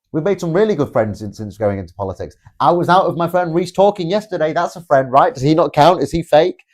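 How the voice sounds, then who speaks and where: A livestream host in his 20s reads viewer comments aloud, rambling, sarcastic, and swearing often. His voice is a little high and a little mellow.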